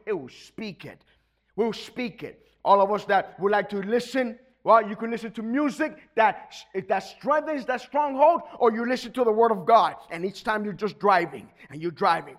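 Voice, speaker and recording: High-voiced preaching man with shouted bursts. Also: lively intonation, normal speed. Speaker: pastor. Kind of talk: sermon.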